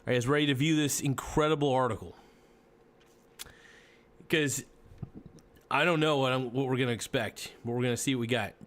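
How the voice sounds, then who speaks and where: A man's voice: mid-range voice, brisk, long pauses, fairly bright tone. A man hosting a casual political commentary livestream, talking in a rambling, chatty way, correcting himself as he goes, with the odd hiccup. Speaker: podcast host.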